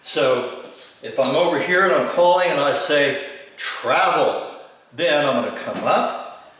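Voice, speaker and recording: A man's voice: a little high, normal speed, a bit bright, slight background noise. Older man coaching step aerobics, echoey room. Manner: coaching, calls out step moves. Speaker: fitness instructor. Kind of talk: instructional demonstration. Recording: echoey room, distant mic.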